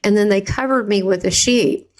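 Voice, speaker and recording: A woman's voice: mid-range voice, moderate pace. A woman with a Southern US accent, a podcast guest telling a personal story in a chatty, vivid way and acting out the voices she quotes.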